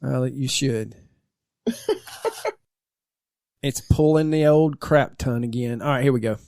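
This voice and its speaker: A man's voice: mid-range voice, slow, darkish tone, dry recording, studio quality. A man co-hosting a podcast, joking and drawling in casual banter. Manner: joking, drawling Southern talk. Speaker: podcast co-host.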